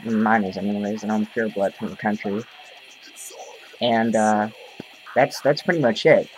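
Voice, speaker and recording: A man's voice: on the low side, fairly even intonation, a little slow, a little hiss or hum, poor audio. Rambling, profane young-sounding man. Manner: rambling, profane, filler-heavy. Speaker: vlogger. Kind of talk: casual to-camera rant. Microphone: camera mic.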